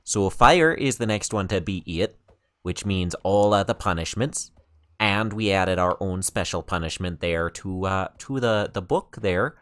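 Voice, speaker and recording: A man's voice: low-pitched, a little slow, fairly bright tone. A man voicing an exaggerated Canadian-accented gamer in let's-play commentary, rambling with many fillers. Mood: chatty. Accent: put-on Canadian.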